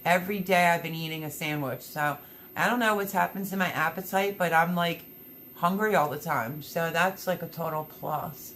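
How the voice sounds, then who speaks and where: Chatty woman with a lowish voice. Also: normal speed, a bit bright, a little hiss or hum. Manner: chatty, upbeat, rambling. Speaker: livestream host. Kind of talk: casual livestream chat, reading viewer comments.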